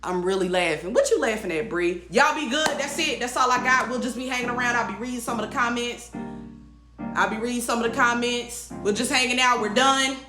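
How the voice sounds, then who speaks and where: A woman's voice: on the high side, a little fast, over music. Emphatic woman hosting a livestream. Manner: emphatic, repeats phrases, chats with viewers' comments. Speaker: host of a weekly livestream message. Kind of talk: casual encouraging livestream talk. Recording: echoey room.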